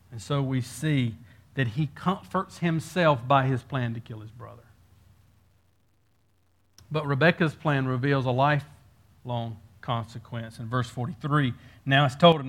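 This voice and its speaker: A man's voice: mid-range voice, a little slow, long pauses, fairly bright tone. A male pastor preaching an expository sermon, reading verses aloud and explaining them.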